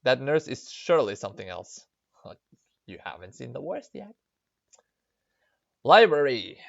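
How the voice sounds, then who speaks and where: A man's voice: mid-range voice, sing-song, a little slow, gravelly, dry recording, lo-fi sound. A man from Norway, giving chatty, giggly commentary while reading a visual novel aloud. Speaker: let's play gamer.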